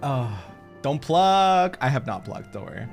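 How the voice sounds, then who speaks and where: A man's voice: mid-range voice, sing-song, a little slow, vocal fry, darkish tone, soft background music. A man streaming a game and chatting casually with his viewers, giggly and self-mocking, laughing often.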